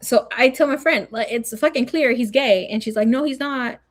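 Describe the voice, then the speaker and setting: A young adult woman, telling a story in a casual, animated way, swearing a lot and acting out what people said. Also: fairly high pitch, normal speed.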